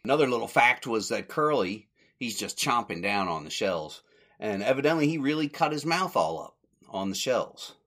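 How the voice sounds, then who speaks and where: A man's voice: medium pitch, big pitch swings, moderate pace, a bit bright. A man hosting a podcast, casually recapping in a rambling, self-correcting way and chuckling along. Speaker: podcast host.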